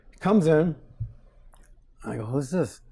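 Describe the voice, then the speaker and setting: A man in his forties, a dentist being interviewed, explaining procedures and telling patient stories in a lively way, acting out what people said. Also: on the high side, slow pace, vocal fry, slightly rough. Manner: animated storyteller, acts out quotes. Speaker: dentist guest. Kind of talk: casual interview talk.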